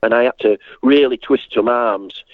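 A man's voice: medium pitch, moderate pace, no room sound. A man telling a rambling story in an interview, often restarting sentences and acting out the voices of others. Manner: animated storyteller, acts out voices, frequent restarts. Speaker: guest recalling a late friend. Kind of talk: rambling spoken reminiscence. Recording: tinny phone-line sound, dry.

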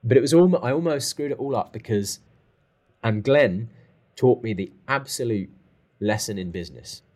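A man telling a lively story as a guest, acting out the phone calls he describes. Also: medium pitch, moderate pace. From England. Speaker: guest drummer. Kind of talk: casual storytelling.

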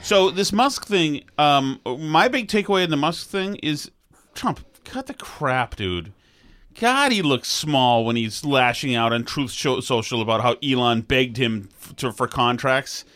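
A man's voice: mid-range voice, lively intonation, measured pace, a bit bright, no room sound. A man co-hosting a podcast in casual, teasing banter, often restarting his sentences. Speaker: podcast co-host.

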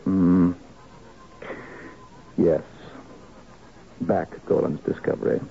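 An actor playing a calm, measured male business consultant in a radio drama. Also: sits low, gravelly, slight background noise, heavily acted. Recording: dull old radio recording.

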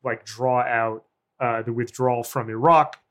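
A man, a journalist guest, giving long, deliberate analytic answers in an interview. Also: mid-range voice, fairly even intonation.

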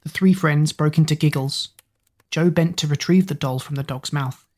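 A woman narrating a children's storybook, reading the narration between lively character lines. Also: sits low, moderate pace. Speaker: audiobook narrator.

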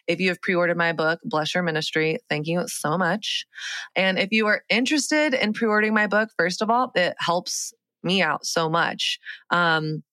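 A woman's voice: on the low side, moderate pace, sharp tone, dry recording. A woman hosting a podcast, upbeat and chatty, laughing often. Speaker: podcast host. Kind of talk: casual podcast chat.

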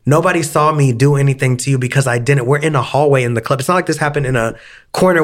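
A man's voice: mid-range voice, fast. A young man co-hosting a podcast, telling a story in casual chat, dramatic and profane, acting out the voices of the people he quotes. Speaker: podcast co-host.

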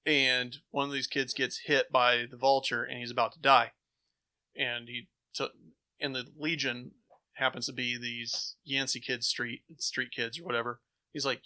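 A man's voice: medium pitch, normal speed. A man co-hosting a casual chat, animatedly retelling comic stories and acting out the characters' lines. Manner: animated storyteller, acts out quotes. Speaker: comic book podcast co-host.

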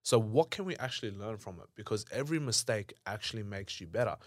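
This young Australian entrepreneur talks fast and expressively in a fairly low voice, captured with clean studio sound and no echo. As a podcast guest, he shares candid stories conversationally, bluntly and emphatically, swearing heavily.

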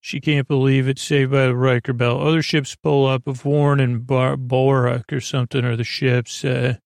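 A man with a gravelly, fry-edged voice casually retelling a TV episode, drifting along with plenty of ums and restarts. The recording is dry and close, with no room sound. He talks at an ordinary middle pitch. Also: flat delivery, moderate pace, no echo. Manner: rambling, loose, many fillers and restarts. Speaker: sleep podcast host.

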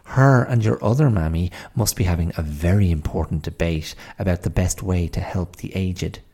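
A man's voice: deep voice, moderate pace, dark tone, husky. A man playing a sardonic old Irish woman. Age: older. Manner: dry, sarcastic. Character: elderly woman, sharp-tongued, dry and sarcastic.

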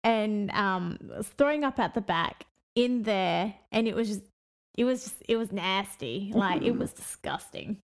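A woman co-hosting a casual podcast, talking in a relaxed way and laughing at herself. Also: medium pitch, unhurried. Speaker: podcast co-host. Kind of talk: casual chat.

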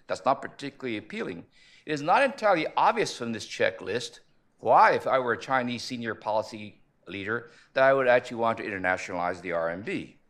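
A man speaking at a conference panel, measured and analytical, posing rhetorical questions as he lays out his argument. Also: mid-range voice, animated, a bit bright. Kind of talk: conference presentation.

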